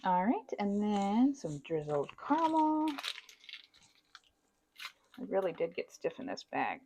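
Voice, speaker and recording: Decorating a cake in her home kitchen, a chatty woman laughs often and teases herself. She speaks at a measured pace in a warm, sing-song, medium-pitched voice, recorded on a wireless mic with slight background noise.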